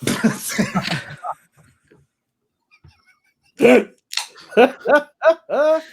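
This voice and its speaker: A man telling puns on a video call in drawn-out question-and-answer setups. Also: very high-pitched, sing-song, vocal fry, slightly rough. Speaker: comedy guest.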